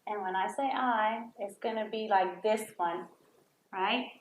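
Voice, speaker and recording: A woman's voice: mid-range voice, a little slow, roomy sound, slight background noise. A woman teaching a Spanish lesson to children, patiently sounding out words and repeating them for students to copy.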